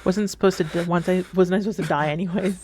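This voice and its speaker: A young adult woman streaming a game, reading its text aloud between excitable, crude, giggly banter. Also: lowish voice, quick pace, slight background noise.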